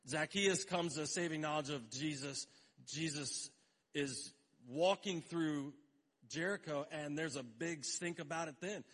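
A middle-aged male pastor delivering a sermon in a relaxed, chatty tone. His voice sits somewhat high for a man. He slips in light jokes and briefly acts out the people in his stories. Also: a little slow. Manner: conversational, joking asides, acts out quoted voices.

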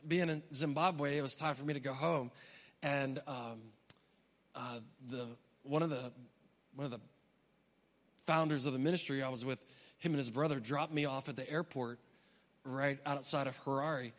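A man's voice: medium pitch, fairly bright tone. A man preaching a sermon, telling a travel story with humor and acting out his own reactions. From United States. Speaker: pastor. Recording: long reverb of a large hall.

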